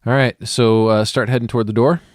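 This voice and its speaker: A man's voice: medium pitch, fairly even intonation, a little fast, no room sound, clean studio sound. A man playing a tabletop game who speaks hesitantly, with stammers and fillers. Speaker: player.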